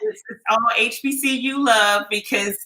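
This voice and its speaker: A woman hosting a virtual book launch, asking measured questions and affirming the guests on a video call. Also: a little high, sharp tone, roomy sound. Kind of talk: casual panel conversation. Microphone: video call microphone.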